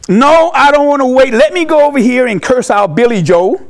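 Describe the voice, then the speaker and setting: A man preaching a sermon, animated and emphatic, repeating key phrases for effect. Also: very high voice, a little fast, few pauses. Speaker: pastor.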